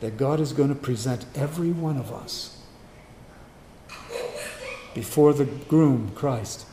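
A man preaching a sermon, emphatic, swinging between loud declarations and quiet low asides. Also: takes it slowly, noisy background. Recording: echoey room with faint ambience.

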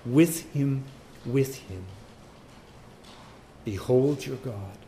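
A man preaching a sermon, firing rhetorical questions and swinging from loud emphasis to quiet asides. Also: mid-range voice, very slow, slight background noise.

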